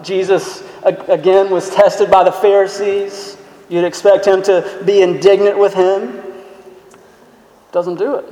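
A man's voice: high-pitched, warm tone. A man preaching a sermon as a pastor, earnest and emphatic, asking the listeners questions. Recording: echoey hall sound.

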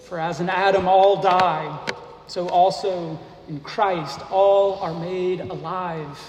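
Man preaching slowly in an echoey hall. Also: sits high, fairly even intonation, a little mellow, dull audio. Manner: slow, deliberate preaching with rhetorical questions. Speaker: pastor. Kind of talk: sermon. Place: church sanctuary. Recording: echoey hall, faint noise.

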